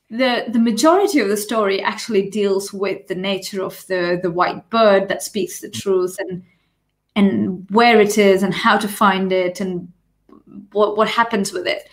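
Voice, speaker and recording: A woman's voice: mid-range voice, unhurried. A woman joining an online discussion, talking about a story in a thoughtful, eager way with some hesitations. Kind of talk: conversational discussion.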